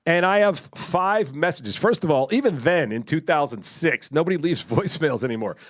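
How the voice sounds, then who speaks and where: Male podcast co-host, animated raconteur, a touch high-pitched, casual and profane. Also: moderate pace. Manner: animated storyteller, swears and laughs. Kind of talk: casual storytelling chat.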